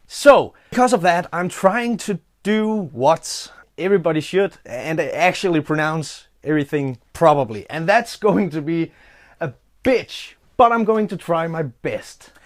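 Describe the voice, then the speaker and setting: A man's voice: fairly high pitch, animated, unhurried. Theatrical Danish man, mocking vlog. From Denmark. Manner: theatrical, sarcastic, taunting. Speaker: YouTuber and hypnotist.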